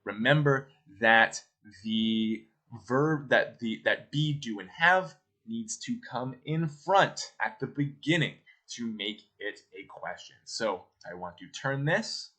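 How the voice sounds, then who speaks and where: A man's voice: mid-range voice, pushed and bright. A male teacher giving a recorded grammar lesson, explaining patiently step by step and often checking in with the listener.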